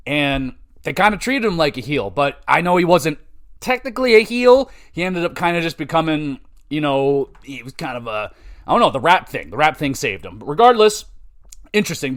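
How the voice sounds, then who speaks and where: A male podcast host with a fairly high voice, swinging widely in pitch as he recounts what he saw. He talks casually, swears a lot and gets excited easily, then drops back to musing. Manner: excitable, profane, animated storytelling. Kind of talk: casual chat.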